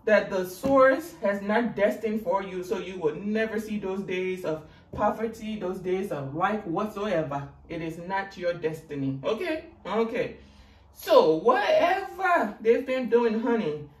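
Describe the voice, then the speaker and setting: A woman with a West African accent giving a casual, sassy tarot reading, with big swings in pitch as she talks. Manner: sassy and animated, with big swoops in pitch and laughter. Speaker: tarot reader. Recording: roomy, distant mic with faint noise.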